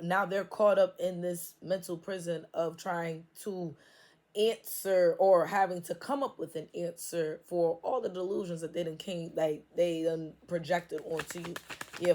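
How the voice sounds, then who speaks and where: Her voice is low, darkish and fairly even in intonation, moving a little slowly. She's a tarot reader giving a laid-back, profane, playful reading, blunt and swearing freely while laughing often.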